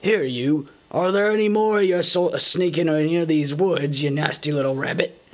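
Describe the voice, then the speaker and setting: A man's voice: a little high, a little fast, pitched above the performer's own voice, natural voice. A man voicing a cruel, quarrelsome male troll with coarse, slangy speech. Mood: menacing surly. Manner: coarse, slangy dialect talk.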